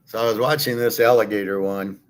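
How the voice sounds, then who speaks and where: Profane, ranting man with a low voice. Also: fairly even intonation, a little fast. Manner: blunt, profane, scornful. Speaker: host. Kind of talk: ranting commentary.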